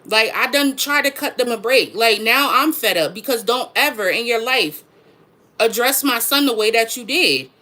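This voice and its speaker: Frustrated woman with a bright voice. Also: on the high side, expressive, moderate pace. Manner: frustrated, emphatic, repeats herself. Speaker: mother, vlogger. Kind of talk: venting to camera.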